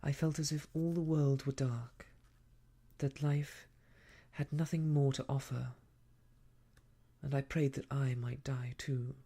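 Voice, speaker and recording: A man voicing a gentle, earnest young woman in a whispered role-play, speaking softly and sincerely. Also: medium pitch, flat delivery, slow. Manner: soft, sincere and quiet.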